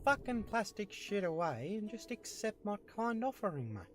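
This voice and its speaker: A man with an Australian accent voicing a friendly, laid-back bushman drifter in an animated show, easygoing and casually swearing. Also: sits high, normal speed.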